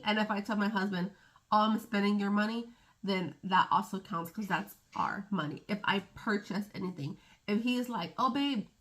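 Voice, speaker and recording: Bright-voiced chatty woman vlogger. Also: medium pitch. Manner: chatty, rambling, laughs at own stumbles. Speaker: beauty vlogger. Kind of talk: casual chat to camera.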